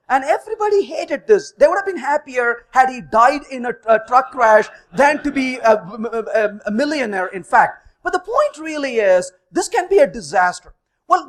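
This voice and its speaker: A man in his fifties speaks at a tech conference, weaving anecdotes into his talk. His pitch rises and falls in a very animated way, and he slips into the voices of the people in his stories. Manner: animated, acts out dialogue in stories. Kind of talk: storytelling technical talk.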